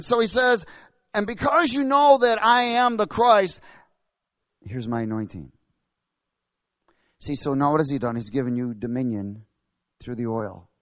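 A man preaching a sermon, asking the congregation questions and building to loud, emphatic bursts. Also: mid-range voice, no echo.

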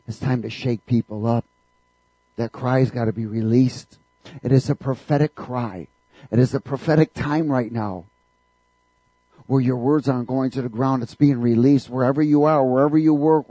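A man delivers a fervent sermon in a church, throwing questions out to the congregation for them to answer back. His voice is mellow and warm. The recording is dry and close. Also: medium pitch, fairly even intonation, moderate pace, long pauses, no room sound, rough recording. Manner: fervent, call-and-response preaching. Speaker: preacher.

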